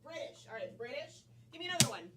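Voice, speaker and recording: A woman's voice: sits high, fast, very noisy. A woman hosting a live improv comedy show, calling out to the audience for suggestions. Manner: lively, calls out to the audience. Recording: from far off, loud audience.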